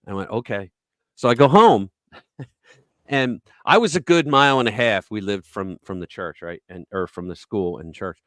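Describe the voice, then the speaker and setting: Lively intonation marks this middle-aged podcast host's low-ish, fairly bright voice, delivered at a moderate pace with no room sound. On his casual talk show he wanders through stories, voicing the characters in them.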